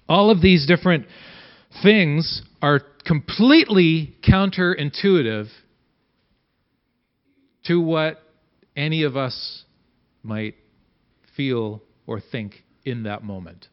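A man's voice: mid-range voice, expressive, unhurried, pauses often. A man reading scripture aloud and explaining it as a Bible teacher, having his listeners repeat lines after him. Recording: dull lo-fi recording.

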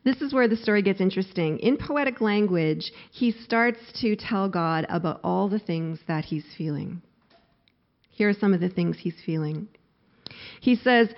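Expressive middle-aged woman preaching, lo-fi. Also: mid-range voice, moderate pace. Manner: expressive, acts out quoted laments with rising force. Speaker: pastor. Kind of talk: sermon. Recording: slightly dull lo-fi recording.

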